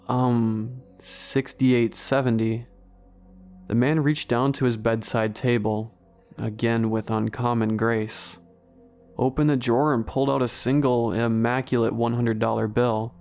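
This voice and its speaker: Gravelly man narrating a horror story. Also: medium pitch, flat delivery, a little mellow, soft background music. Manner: measured, first-person storytelling.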